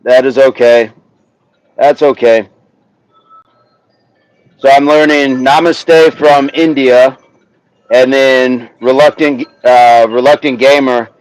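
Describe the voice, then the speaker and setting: A man hosting a casual livestream outdoors, chatting with his viewers, reading their comments aloud and slowly sounding out words. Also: medium pitch, steady tone, darkish tone, clear, resonant tone, dry recording, low-quality recording. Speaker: livestream host. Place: outdoors, windy, a tree behind him.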